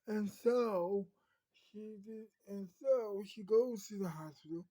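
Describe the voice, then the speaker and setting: Slow, rambling woman storyteller. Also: mid-range voice, mellow, rough recording. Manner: rambling, hesitant narration. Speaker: storyteller and host of a series. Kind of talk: improvised spoken storytelling.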